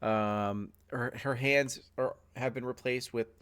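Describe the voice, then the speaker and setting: A man's voice: medium pitch, fairly even intonation, slow pace, fairly bright tone, clean tone. A male game master narrating a tabletop scene. His delivery rambles loosely and is packed with uhs and likes. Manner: rambling, full of fillers.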